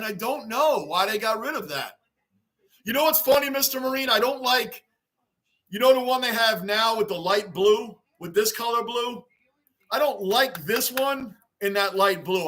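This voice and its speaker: Middle-aged male stream host, high-pitched, excitable, chatty, repeats lines for emphasis. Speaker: livestream host reading fan chat. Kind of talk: casual livestream chat. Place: home basement.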